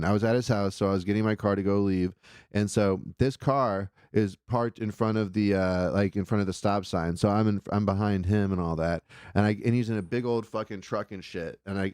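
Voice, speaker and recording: A man's voice: fairly low pitch, darkish tone, clean tone, no room sound, clean studio sound. A man telling a rambling, profane story in casual chat on a comedy call-in podcast.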